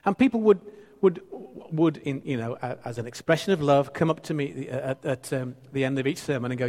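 A man's voice: mid-range voice, a little fast, a little mellow, big-room sound. A man in his fifties, a pastor preaching a sermon, playful and teasing with the congregation and repeating phrases for emphasis. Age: 50s.

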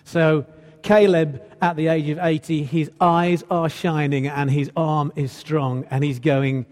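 A man's voice: on the high side, fairly even intonation, a little slow, darkish tone. A man preaching a sermon in a church, earnest and building to emphatic repeated lines. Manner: earnest, rising to emphatic repetition. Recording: long hall reverb.

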